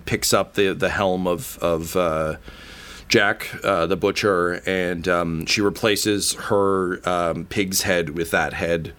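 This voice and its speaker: Male game master narrating a tabletop game; low voice, hesitant delivery full of fillers, swears casually. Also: a bit bright, clean tone.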